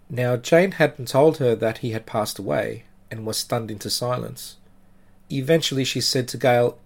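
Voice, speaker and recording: A podcast host with a medium-pitched voice narrates true creepy stories. He delivers them in a measured, dramatic manner, letting slow pauses hang.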